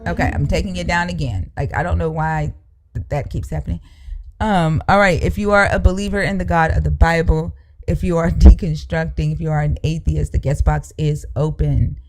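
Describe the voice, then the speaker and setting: Streamer host, blunt and cussing, keeps repeating themself at callers, middle pitch. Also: fairly even intonation, brisk, a little mellow. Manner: blunt, profane, repeats demands insistently. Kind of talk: heated live-stream debate with callers. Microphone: live-stream microphone.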